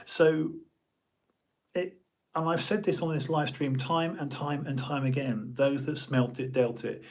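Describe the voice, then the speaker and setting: A man's voice: on the high side, steady tone, unhurried. A middle-aged British man talking on his live stream in a chatty, jokey, rambling way, full of restarts. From United Kingdom. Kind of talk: casual rambling monologue.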